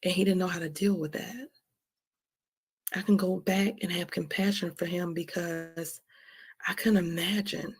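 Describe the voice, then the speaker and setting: A woman with a fairly low, breathy voice speaks a little slowly, keeping her intonation fairly even and leaving long pauses. Hosting her own stream, she opens up about forgiveness in a frank, emotional, confessional way. She repeats phrases, often asks "right?", and swears now and then.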